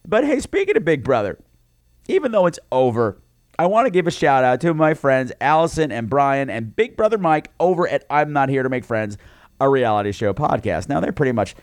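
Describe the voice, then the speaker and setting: Animated campy man telling stories. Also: mid-range voice, a little fast, no room sound. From New York. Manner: animated, campy storytelling with mock shrieks. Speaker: podcast co-host. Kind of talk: casual chat.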